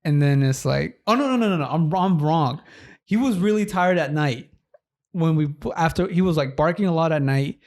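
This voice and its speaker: A man's voice: on the high side, moderate pace, darkish tone. A young man co-hosting a podcast, telling a long story in casual chat, rambling with heavy swearing and fillers. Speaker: podcast co-host.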